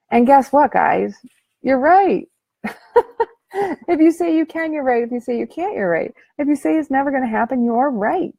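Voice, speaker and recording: A woman talks straight to the camera in a motivational coaching talk, loose and joking, full of slang. Her voice is mellow with a gravelly edge. The sound is close and dry. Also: on the high side, expressive, normal speed, dry recording. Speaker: life coach.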